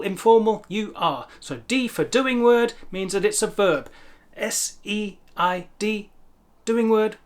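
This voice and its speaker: A middle-aged man from England giving a humorous language lesson in a mock-stern, emphatic, teasing manner. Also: high voice. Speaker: language teacher.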